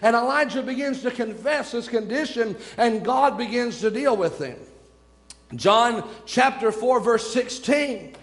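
A man preaches a fervent sermon in a church, driving his points home with repetition and rhetorical questions. His voice sits very high for a man. A long hall echo trails every phrase. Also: expressive, a little slow, a bit bright.

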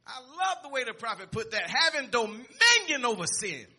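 A man preaching a sermon, reading scripture aloud with restarts and repeats, and rising to shouts and exclamations. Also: very high-pitched, very animated, normal speed, hardly any pauses.

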